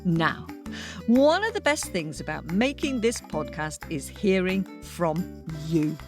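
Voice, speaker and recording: Animated woman hosting a kids' podcast. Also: lowish voice, takes it slowly. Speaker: podcast host. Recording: music bed behind voice.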